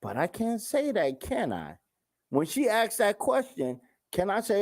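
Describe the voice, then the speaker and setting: A man's voice: high voice, wildly swooping pitch, a little slow, darkish tone. A man hosting his own show, talking casually and in slang straight to his viewers. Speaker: show host. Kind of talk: casual talk-show monologue.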